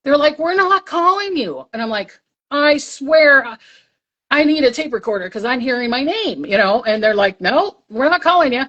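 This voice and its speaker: Older woman telling a lively story. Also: on the high side, normal speed, muffled recording. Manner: animated storyteller, acts out voices she heard. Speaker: psychic medium guest. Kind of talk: casual storytelling on a livestream.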